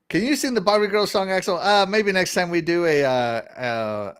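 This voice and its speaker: A man's voice: high voice, unhurried, clear, resonant tone. A middle-aged man from Texas hosting a casual gaming podcast, rambling and laughing as he reads out viewer comments. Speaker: podcast host.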